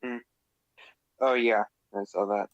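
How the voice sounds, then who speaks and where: A man's voice: lowish voice, fairly even intonation, slow, no room sound, muffled recording. A man who has just joined a casual podcast as a guest, answering briefly in a laid-back way. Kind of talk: casual chat.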